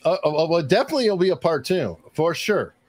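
A man's voice: on the high side, very animated, fast, slight background noise. A man hosting a casual livestream discussion, reading viewer messages with many fillers and restarts. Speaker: livestream host reading super chats.

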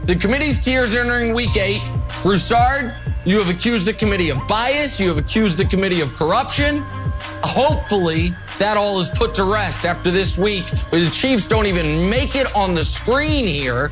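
A man's voice: high voice, expressive, moderate pace, over music. A man hosting a studio sports debate show, arguing emphatically with theatrical indignation. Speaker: sports talk show host.

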